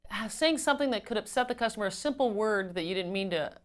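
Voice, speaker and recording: A woman giving an instructional talk on customer service as a trainer, measured and explanatory, stressing key words. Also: mid-range voice, animated.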